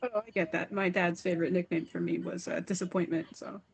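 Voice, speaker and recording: A woman playing a tabletop game, dry and halting in her lines. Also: on the low side, fairly even intonation, creaky, slight background noise. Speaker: player. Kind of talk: casual tabletop play.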